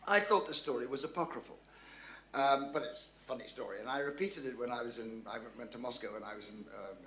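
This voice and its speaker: A man's voice: mid-range voice, fast talker, bright, forceful tone, slight background noise. A man giving a talk and answering audience questions, thoughtful and anecdotal, often restarting his sentences. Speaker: guest speaker. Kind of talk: public lecture Q&A answer. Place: club function room. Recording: roomy hall echo.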